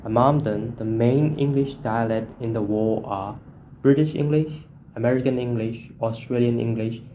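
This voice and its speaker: A man giving a class presentation, reading slide points in short, halting phrases. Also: medium pitch, mellow, a little hiss or hum. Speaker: student presenter.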